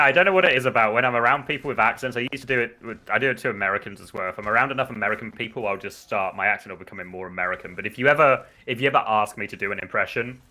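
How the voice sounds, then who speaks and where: Bright-voiced chatty British man commentating. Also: on the low side. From United Kingdom. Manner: chatty and rambling, with excited bursts on plays. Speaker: esports commentator. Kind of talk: casual live game commentary.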